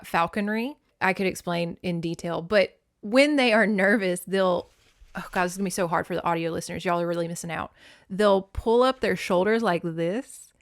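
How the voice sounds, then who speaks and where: A woman's voice: on the low side, gravelly, no echo, studio quality. A woman hosting a podcast, chatting casually with laughs and the odd swear word while summarizing and reading from a novel. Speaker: podcast host. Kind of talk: casual chat and read-aloud.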